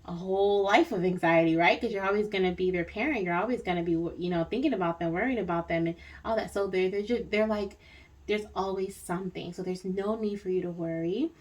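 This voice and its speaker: A woman giving a spiritual reading in a relaxed, chatty way. She wanders through her thoughts with many fillers and tag questions, and her voice sits at an ordinary pitch. She is recorded from a little way off the mic. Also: a little fast, recorded from a distance. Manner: rambling, reassuring, frequent fillers and tag questions. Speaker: spiritual reader.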